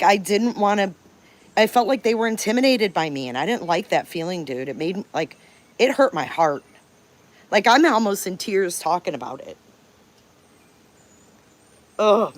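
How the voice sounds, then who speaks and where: Blunt, swearing woman telling stories. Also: mid-range voice. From Detroit, Michigan. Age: 50s. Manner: candid, profane, emphatic storytelling. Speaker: channel host. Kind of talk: live-stream storytelling chat.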